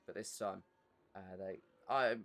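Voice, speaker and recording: A man's voice: low-pitched, measured pace, fairly bright tone. A man with an English accent giving live commentary on an online racing league, chatty and answering viewer messages between race updates.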